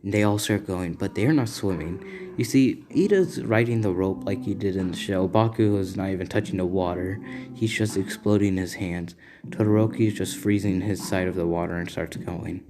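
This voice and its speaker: A man's voice: low-pitched, normal speed. A man casually narrating a fan story in a rambling way, with restarts. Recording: guitar music in background.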